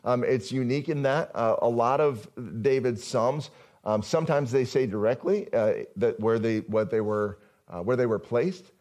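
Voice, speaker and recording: A man's voice: medium pitch, normal speed, darkish tone. A male pastor giving a conversational sermon, often asking the congregation questions.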